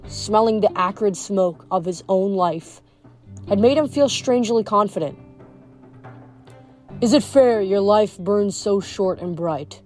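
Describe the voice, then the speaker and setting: A woman reading chapters of a novel aloud, measured, with occasional small stumbles over words. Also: lowish voice, darkish tone. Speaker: audiobook reader.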